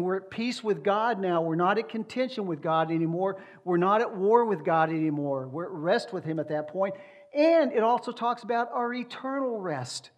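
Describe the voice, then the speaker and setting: A man preaching an expository sermon as pastor, speaking with emphasis, repeating key words and reading scripture aloud. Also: high voice.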